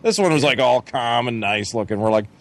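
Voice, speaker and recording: A man's voice: medium pitch, expressive, brisk. Casting: middle-aged guy, gabby swearing podcast co-host, loose storyteller. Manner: profane storytelling, lots of "you know". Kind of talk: casual chat.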